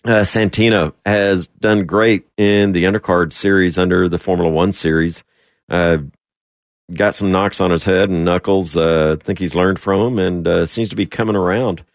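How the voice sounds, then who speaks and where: A man with a low, deep voice co-hosts a sports radio show, trading jokes and firm opinions. The sound is dry and close-miked, with no room echo. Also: fairly even intonation, normal speed. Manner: joking, opinionated commentary. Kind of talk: casual sports radio chat.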